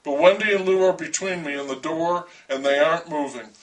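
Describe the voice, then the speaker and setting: A man reads a first-person story aloud with dry, wry humor. His voice sits a little high for a man. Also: fairly quick, recorded from a distance, low-quality recording.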